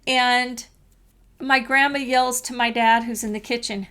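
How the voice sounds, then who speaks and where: A woman's voice: a little high, steady tone, unhurried, sharp tone, clear, resonant tone. A woman in her sixties from California, co-hosting a podcast and telling family stories in a rambling casual way with many restarts. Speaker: podcast co-host. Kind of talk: casual chat.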